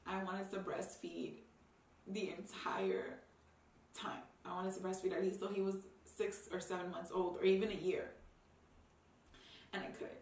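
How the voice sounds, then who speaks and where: Young woman, new mom, personal vlog, rambling heartfelt talk, mid-pitched, a bit far from the mic. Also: flat delivery, measured pace, pauses often, darkish tone, slight background noise. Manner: heartfelt, rambling with many ums and restarts. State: tearful at times. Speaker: vlogger, new mother. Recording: roomy sound, mic a bit distant.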